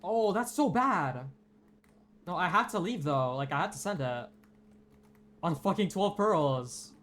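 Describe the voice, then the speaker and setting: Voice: medium pitch, expressive, a little slow, a bit bright. A streamer giving frantic live commentary during a game, swearing and mocking their own mistakes. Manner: frantic, swearing, self-deprecating outbursts. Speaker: streamer playing in a tournament.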